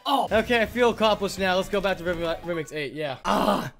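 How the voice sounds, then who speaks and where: A woman chatting through a rhythm game in casual gameplay commentary, her pitch leaping up and down as she groans and cheers. Her tone stays self-mocking and animated, with faint game music playing behind her. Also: a little slow. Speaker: gaming YouTuber.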